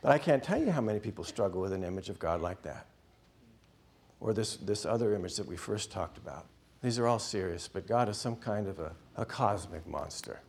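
A middle-aged male preacher giving a sermon. His husky voice rises and falls in a lively way, and he is animated enough to slip into acted voices. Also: fairly low pitch, brisk.

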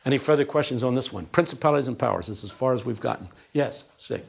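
A man's voice: mid-range voice, fast, gravelly, slightly rough. A man lecturing a class, telling stories and acting out quotes with energy. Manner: animated, storytelling with acted-out quotes.

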